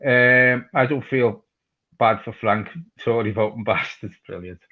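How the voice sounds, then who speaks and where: A man's voice: medium pitch, a little slow, phone-quality sound. A man from hosting a live football watch-along, reading out viewer comments and chatting casually with plenty of swearing. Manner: casual, swears freely, reads chat messages aloud. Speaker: fan channel host reading viewer comments.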